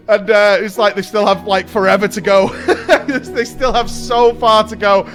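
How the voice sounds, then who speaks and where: A man with a hoarse voice chatting excitedly with his stream audience, swearing freely and repeating himself as he reads chat. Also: high voice, a little fast, faint music behind. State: hoarse from shouting. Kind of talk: casual chat with a live audience.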